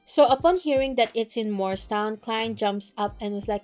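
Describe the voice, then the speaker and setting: Chatty higher-voiced woman recapping a book. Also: moderate pace, few pauses, a little mellow, soft background music. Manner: chatty, laughs often, many fillers.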